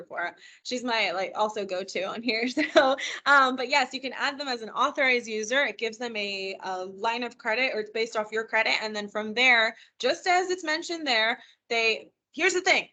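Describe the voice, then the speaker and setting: A woman teaches a virtual money skills class over a computer microphone, chatty and encouraging. Her voice sits a little high and sounds bright and forward. She often stops to answer questions from the people attending. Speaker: financial wellness trainer. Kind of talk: live virtual training session. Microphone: computer mic on a video call.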